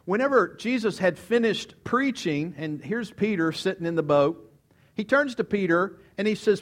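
A man's voice: sits high, animated, normal speed. A man preaching a sermon, telling stories with animation, asking rhetorical questions and acting out quotes. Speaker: pastor.

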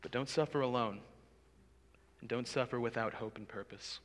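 Casting note: male preacher, earnest and pleading, bright forceful tone, long hall reverb. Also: medium pitch, normal speed. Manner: earnest, pleading, swells loud for emphasis. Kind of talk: sermon.

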